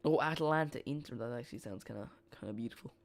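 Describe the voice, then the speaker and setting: A man's voice: medium pitch, racing, vocal fry. A man streaming a live football watch-along, chatting casually and often repeating or correcting himself.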